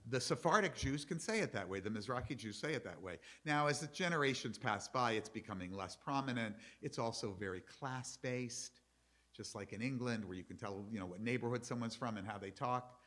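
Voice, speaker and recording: A man's voice: mid-range voice, fairly bright tone. A middle-aged man, a rabbi, giving a chatty, explanatory lecture to his congregation and taking questions from the audience.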